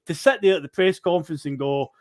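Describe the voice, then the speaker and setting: A Scottish man hosting a football podcast, calmly recapping events and prompting his co-host. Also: fairly high pitch. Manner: measured, recaps events for listeners. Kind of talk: casual football chat.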